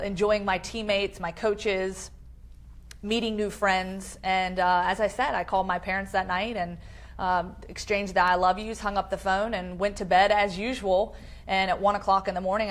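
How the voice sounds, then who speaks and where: A woman in her thirties, an interview guest, telling a personal story in an earnest, halting way with many fillers, on a low-quality live-stream video.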